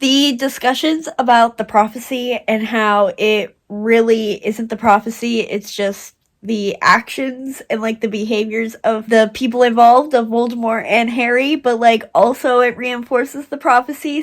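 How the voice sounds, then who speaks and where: A young woman talking casually and emotionally about a book she is reading, gushing and swearing freely as a book vlogger. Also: a little high.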